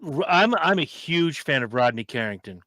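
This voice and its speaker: A man co-hosting a casual podcast, talking in an animated way and quick to act out movie quotes. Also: a little high. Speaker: podcast co-host. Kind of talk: casual chat.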